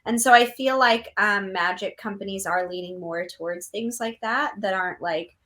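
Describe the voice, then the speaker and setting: A woman's voice: medium pitch, moderate pace, fairly bright tone. Chatty young woman. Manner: chatty, many likes and ums, laughing asides. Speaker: magician guest. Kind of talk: casual interview chat.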